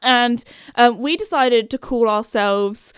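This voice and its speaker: A woman's voice: slow pace, smooth, dry recording. Chatty young woman, dry close sound. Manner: chatty, giggly, jumps into high-pitched quoted voices. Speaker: podcast host. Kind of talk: casual storytelling chat.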